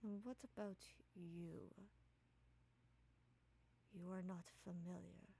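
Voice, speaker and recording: A woman voicing a tall, looming woman who speaks softly but with authority, in a hushed, measured way during a tabletop game. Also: on the low side, fairly even intonation, gravelly, breathy edge, heavily acted. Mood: regal, probing.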